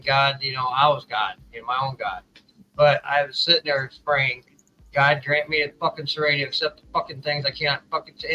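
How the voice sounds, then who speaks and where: Bright-voiced man telling a story. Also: fairly high pitch, low-quality recording. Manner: candid, rambling, frequent fillers. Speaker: podcast co-host. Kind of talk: casual storytelling.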